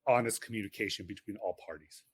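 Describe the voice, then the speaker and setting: A man's voice: fairly low pitch, quick pace, slightly rough. A man in his late forties, a guest on a podcast, talking earnestly and reflectively in casual conversation. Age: late 40s. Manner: earnest, reflective, often agrees.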